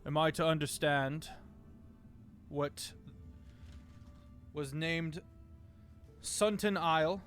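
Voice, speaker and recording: A man doing a council lord, deliberate and measured, slow and careful. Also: fairly high pitch, a bit bright, soft background music. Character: measured male head of council, lordly.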